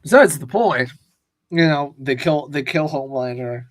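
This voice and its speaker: A medium-pitched man speaks at a moderate pace in a dry recording, co-hosting a casual pop-culture podcast. His talk is a swear-filled rant.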